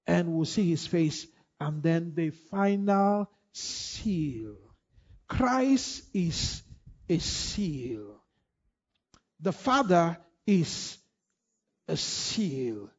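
High-pitched male preacher, repetitive call-and-response sermon, dull lo-fi church recording. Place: church hall.

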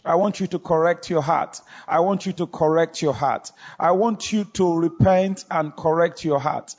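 A man's voice: high-pitched, a little mellow. A man preaching, repeating his words insistently as he exhorts. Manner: repetitive, exhorting. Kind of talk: sermon. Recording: dull lo-fi sound.

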